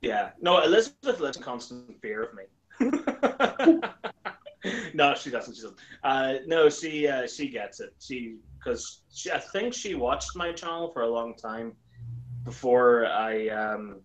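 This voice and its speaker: Man, casual chat, lively storyteller, mid-pitched voice. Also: slow, dull audio. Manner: animated storyteller, acts out quoted lines in a higher voice. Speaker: YouTuber guest.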